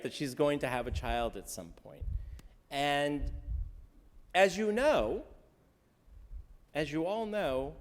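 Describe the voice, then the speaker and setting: A male rabbi teaching from the pulpit in a conversational, jokey way, tossing questions out to the congregation. His voice sits a bit high for a man and swings around animatedly. The sound carries a long reverb from the sanctuary around him. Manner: conversational, quizzes the congregation, wry humor. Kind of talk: interactive sermon teaching the weekly Torah portion. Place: synagogue sanctuary during a service.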